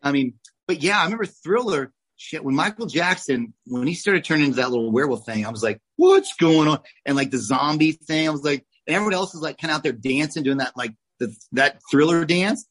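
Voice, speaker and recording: A man in his forties from Oklahoma, a guest telling lively, salty stories from his childhood in a casual interview. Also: fairly high pitch, fast talker, slightly rough, rough recording. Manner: animated, swears, acts out quoted voices. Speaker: guest, oral surgeon.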